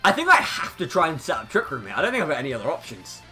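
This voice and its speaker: A man giving excitable live commentary over his own competitive video game battle. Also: a little high, very fast, soft background music. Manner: excitable, hyping up big plays.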